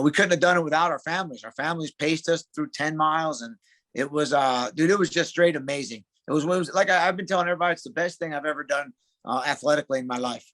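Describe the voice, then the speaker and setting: A middle-aged man, a wrestling coach, chatting as a podcast guest in an emphatic, excitable way. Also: a little high. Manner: emphatic, excitable, calls people dude. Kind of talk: casual interview chat.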